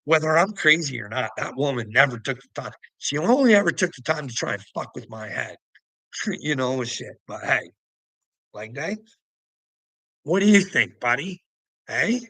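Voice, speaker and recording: A man with a gravelly, husky voice delivers a rambling, profanity-laden monologue straight to camera. His tone is tense and forceful, and the recording is dry and close. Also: mid-range voice, big pitch swings, normal speed, pauses often, dry recording. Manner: swears constantly, rambling and preachy. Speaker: vlogger.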